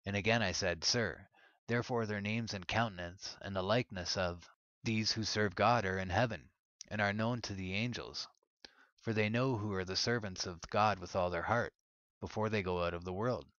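A man reading an ancient religious text aloud in a measured, solemn way. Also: lowish voice, a bit bright, no room sound, lo-fi sound. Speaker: narrator.

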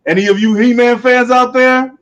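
A man's voice: very high voice, fairly even intonation, moderate pace, a bit bright, highs cut off. A man co-hosting a casual podcast, laughing often as he reads out comic book credits, sometimes stumbling over names. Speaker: podcast co-host presenting comics.

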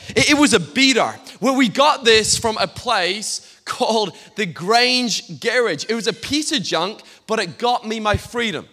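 High, bright Scottish preacher in a hall. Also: male voice. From Scotland. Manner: humorous storytelling, stammering repeats. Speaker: guest pastor. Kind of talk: sermon. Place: church hall. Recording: long reverb of a church hall.

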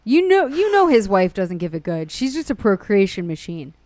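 A woman's voice: medium pitch, big pitch swings, moderate pace, a little mellow, dry recording. A woman co-hosting a podcast in casual chat, sarcastic and jokey, laughing often. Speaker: podcast co-host.

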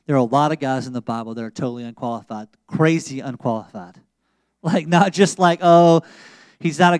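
A man preaching a sermon in a casual, slangy storytelling way, swinging between loud emphasis and quiet, intimate moments. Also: a little high, clear, resonant tone, no echo. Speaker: pastor.

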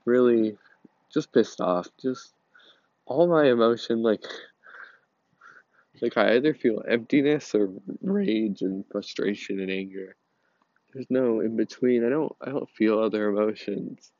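A man in a personal confessional monologue, halting and repeating words, angry and overwhelmed. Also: lowish voice, darkish tone, dry recording, dull audio. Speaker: podcast host.

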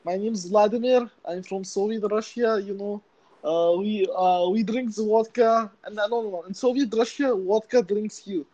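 A man's voice: high-pitched, steady tone, moderate pace, mellow, dry recording, lo-fi sound, lightly acted. A man putting on an exaggerated mock Russian accent to play a boastful, indignant Soviet man.

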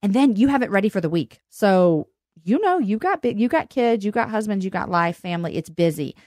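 A woman hosting a casual chat, telling a story in an animated, flustered way, often laughing. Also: medium pitch, a little fast, no echo, studio quality. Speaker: podcast host. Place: log cabin home in the country.

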